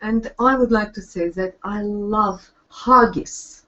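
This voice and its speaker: Slow, playful co-host woman. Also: mid-range voice, sharp tone. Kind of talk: casual live show chat. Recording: dull lo-fi webcast audio.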